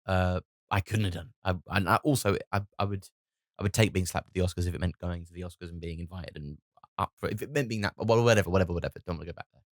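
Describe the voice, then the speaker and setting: A low-voiced comedian in his thirties talks through his solo podcast, worn out from lost sleep. He rambles, stalls on fillers and restarts, and swears with wry self-mockery, all on a close, dry mic. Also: fast talker, no room sound. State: tired from lack of sleep.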